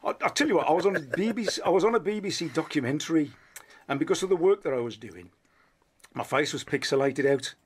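A man's voice: a little high, animated, quick pace, slightly rough. A middle-aged man with a Black Country accent, a comedian chatting as a radio guest, telling rambling, self-deprecating stories full of restarts. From Black Country, England. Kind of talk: casual interview chat.

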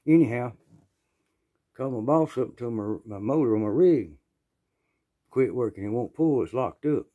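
Southern man, low-ish relaxed tone, folksy storyteller, clears his throat a lot. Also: normal speed. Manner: folksy, rambling, plainspoken. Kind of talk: casual storytelling.

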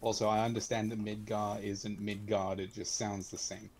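A man's voice: on the low side, completely flat delivery, moderate pace, a little mellow. A man on a voice call who talks dryly and pedantically and corrects the others. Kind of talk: casual chat on a voice call.

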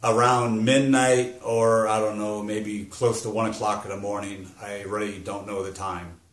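A middle-aged man giving a personal testimony as a grieving father, halting and rambling, struggling to hold back emotion. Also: fairly low pitch, little pitch movement. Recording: roomy echo.

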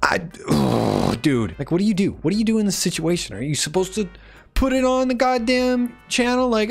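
Male gaming YouTuber, exasperated, cursing, very expressive pitch, jumps from muttering to shouting. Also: normal speed, gravelly, soft background music. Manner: swearing, frustrated, pleading with the game; swings from mumbling to yelling. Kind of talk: let's play commentary.

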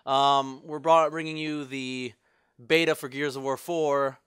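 A young man hosting his own gaming video, talking through play and breaking into shouted curses and groans. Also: mid-range voice, little pitch movement, a little slow, smooth, dry recording. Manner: shouts, curses and groans at the game in sudden outbursts. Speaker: gaming channel host. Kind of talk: raging gameplay commentary. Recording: loud game audio under the voice. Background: game sounds.

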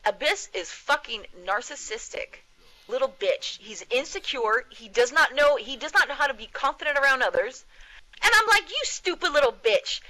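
A woman with a high-set voice and a bright, sharp edge, heatedly venting to a friend over voice chat from home. She is blunt and profane, swearing freely as she airs her grievances. She sounds like she is in her thirties. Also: animated, moderate pace, rough recording. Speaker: gamer in voice chat.

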